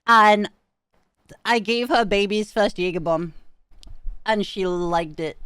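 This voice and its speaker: A woman's voice: mid-range voice, slow pace, a bit bright, clean tone, no echo, clean studio sound. A young woman streaming, chatting casually with her viewers, giggling often and swearing freely. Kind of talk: casual chat.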